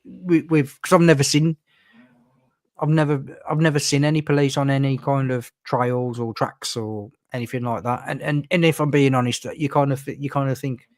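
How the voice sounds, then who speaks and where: A man's voice: mid-range voice, little pitch movement, normal speed, a little mellow, no room sound, studio quality. A man hosting a casual podcast chat, rambling with lots of fillers and acting out what others said. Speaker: podcast host.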